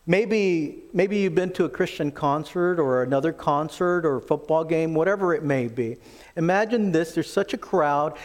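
Animated high-voiced male preacher. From lived in Texas. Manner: animated storytelling preacher, acts out the quotes. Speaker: pastor. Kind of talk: sermon.

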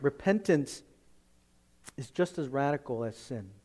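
A male pastor preaching a sermon emphatically, swinging from loud, forceful lines to hushed ones. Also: mid-range voice, expressive, a little slow.

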